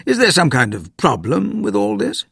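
A man's voice: high-pitched, wildly swooping pitch, normal speed, gravelly, a bit bright, breathy edge, dry recording, clean studio sound, voice pushed up, full character voice. A man voicing a blustering, scornful old grandfather who lectures his family in a storybook reading.

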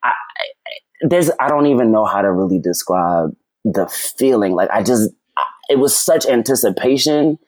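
Animated low-voiced man telling a story. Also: no room sound. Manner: animated, acts out quoted dialogue; fast, rambling with many "like"s. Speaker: podcast guest. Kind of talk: casual storytelling chat.

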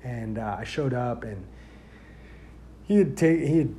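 A man of average pitch tells a story as a sheriff's deputy, casual and rambling, full of fillers and restarts. He grows loud and animated as the story builds. A faint noise sits under his voice. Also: measured pace.

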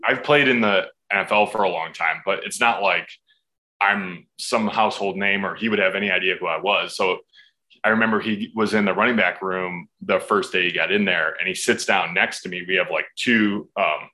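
Male athlete guest, 30s, bright and forceful tone, pitched a bit low, casual swearing storyteller. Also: normal speed. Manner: animated, profane anecdotes. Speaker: professional football player, podcast guest.

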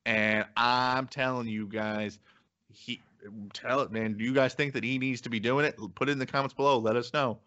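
A man's voice: medium pitch, steady tone, moderate pace, sharp tone, lo-fi sound. A man hosting a podcast, talking casually with lots of fillers and easy laughs. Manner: chatty, loose, laughs often, many fillers. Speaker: podcast host.

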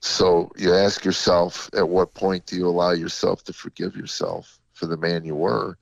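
An older man, a comedian guest, telling stories in a reflective, halting way with many fillers, on a dull lo-fi recording. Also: sits low, level tone, vocal fry, no room sound. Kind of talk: casual interview storytelling.

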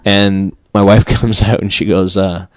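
Low-voiced man ranting profanely. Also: flat delivery, unhurried, noisy background. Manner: swears constantly, rising into shouted outrage. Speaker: podcast host. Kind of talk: profane comedic rant. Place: small studio booth. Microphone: studio mic.

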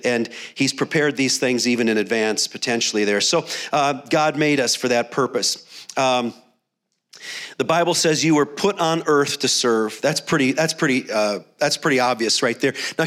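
A man's voice: mid-range voice, fairly bright tone. A middle-aged man preaching a sermon in a conversational, storytelling way, often restarting phrases. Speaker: pastor.

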